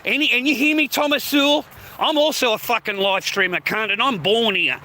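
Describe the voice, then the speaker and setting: A man with an Australian accent rants on a live stream in a high, sharp, forceful voice. He rambles and swears constantly, with scornful laughter between his points. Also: fairly quick, a little hiss or hum. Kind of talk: casual live-stream rant.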